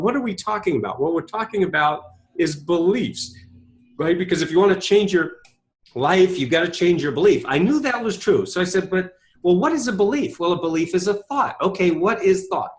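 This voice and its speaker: A man's voice: high voice, big pitch swings, fairly quick. A middle-aged man, an author and speaker, telling his story as an interview guest with emphatic rhetorical questions. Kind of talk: animated storytelling.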